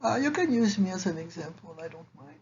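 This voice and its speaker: Woman, patient grammar teacher, gravelly edge, slightly muffled recording. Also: lowish voice, very animated, fairly quick, a little mellow. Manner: patient, explains each example in English and French, checks in with "okay?". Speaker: French teacher. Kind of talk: slide-based grammar lesson. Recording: slightly dull lo-fi recording with faint hiss.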